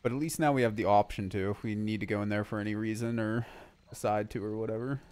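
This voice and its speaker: A man's voice: lowish voice, fairly even intonation, fast talker, darkish tone, smooth, no room sound. A young man streaming a game, chatting loosely with laughter and swearing. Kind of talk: casual gaming chat.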